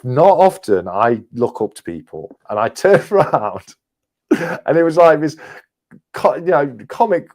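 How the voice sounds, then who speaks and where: A man's voice: fairly high pitch, sing-song, unhurried, darkish tone. A man with an English accent, a guest on a livestream, telling a casual anecdote and laughing as he goes. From England. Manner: chatty, laughs through his anecdotes. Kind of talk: casual storytelling.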